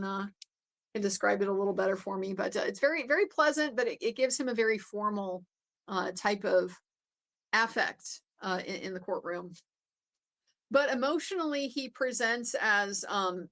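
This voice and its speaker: A woman's voice: on the high side, fairly bright tone. Woman legal commentator, casual recap, conversational and unscripted. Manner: conversational, many fillers and restarts.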